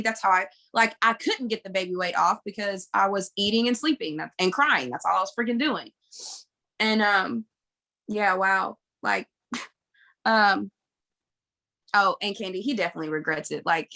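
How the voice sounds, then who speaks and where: A woman's voice: mid-range voice, brisk, bright, forceful tone. A woman speaking candidly and emotionally in a casual group talk, swearing freely and laughing often. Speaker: group member sharing her story.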